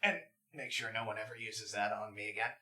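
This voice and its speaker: Bright-voiced man playing a tabletop game. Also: on the low side, fairly even intonation, fairly quick. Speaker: player. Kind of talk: casual tabletop play.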